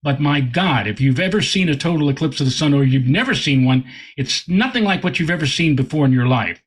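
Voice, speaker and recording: Astronomer guest, male, husky slightly high voice, animated storyteller. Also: brisk. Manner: animated, repeats words while telling a story. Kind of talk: anecdotal storytelling in interview.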